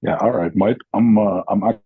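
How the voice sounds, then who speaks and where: A man's voice: lowish voice, moderate pace, husky, dry recording, narrow, tinny audio. A man speaking from a hotel room over a remote call, asking the show's question in a teasing, jokey way.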